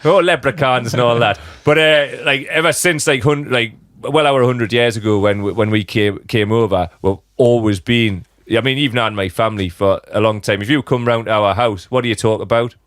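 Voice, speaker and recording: A man with a Geordie accent, chatting as a podcast host, sweary and animated. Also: medium pitch, brisk, few pauses, clear, resonant tone, dry recording, clean studio sound. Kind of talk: casual chat.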